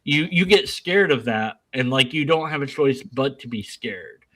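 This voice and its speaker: A man's voice: medium pitch, lively intonation, moderate pace, a bit bright, poor audio. A man rambling goofily and self-deprecatingly as a guest on a casual online panel, speaking from his desk at home.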